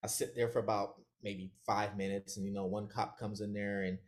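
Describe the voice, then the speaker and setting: A man's voice: lowish voice, little pitch movement, brisk. A man as an interview guest, telling a story in casual chat. He talks with animation, laughs often and acts out other people's lines.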